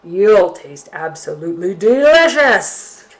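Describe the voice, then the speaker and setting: A woman voicing a big grumpy bear in a storybook reading, bellowing drawn-out lines. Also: medium pitch, sing-song. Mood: snarling.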